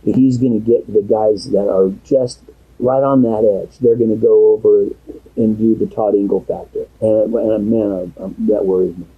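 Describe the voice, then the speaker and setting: Husky pastor on a tinny recording. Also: male voice, on the low side, fairly even intonation, moderate pace. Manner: rambling, earnest and emotional. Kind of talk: private conversation, secretly recorded. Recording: tinny phone-like audio recording.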